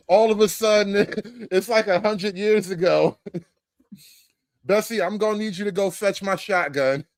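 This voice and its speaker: A man's voice: sits high, unhurried, pauses often, a little mellow, dry recording, clean studio sound. A man putting on the voice of a rural man who keeps calling for his wife to fetch his gun, in a mocking drawl with bursts of laughter.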